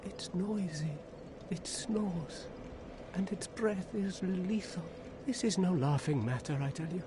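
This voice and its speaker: An actor voicing a gloomy, defeated warrior in a video game, weary and sardonic. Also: male voice, high-pitched, takes it slowly. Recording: game audio with background noise.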